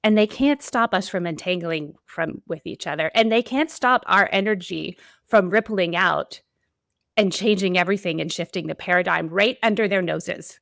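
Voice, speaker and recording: A woman's voice: fairly low pitch, vocal fry, fairly bright tone, dry recording, clean studio sound. A woman hosting a solo podcast, talking in an earnest, emphatic way with repeated build-ups. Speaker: podcast host.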